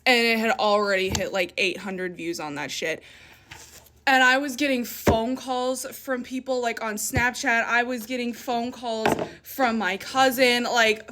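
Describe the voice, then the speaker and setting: A young woman telling a personal story in a casual, animated way, swearing often and sounding indignant. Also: a little high, a little hiss or hum.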